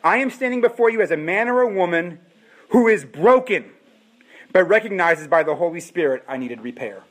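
High-voiced pleading male preacher. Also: animated, normal speed. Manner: pleading, impassioned, repetitive. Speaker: pastor. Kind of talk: sermon.

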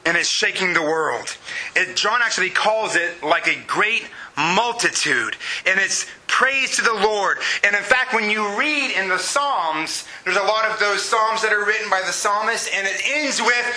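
High, bright-voiced man preaching. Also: normal speed. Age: 30s. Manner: animated preaching with shouted exclamations. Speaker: pastor. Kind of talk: sermon. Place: church sanctuary. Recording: echoey room with faint hiss.

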